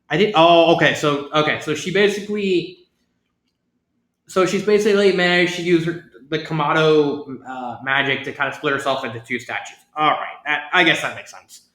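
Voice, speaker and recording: A man's voice: fairly high pitch, normal speed, fairly bright tone. A man reading fanfiction aloud, often breaking off to comment, stumbling over words and giggling at the text. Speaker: fanfiction reader. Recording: roomy echo.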